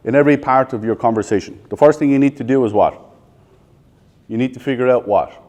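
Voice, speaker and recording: Facing a live audience in a training room, a thirtysomething Irish sales coach fires off quick questions and wraps up the answers on his own. He talks at a normal middle pitch with a slightly mellow quality, and his style is frank and full of cursing.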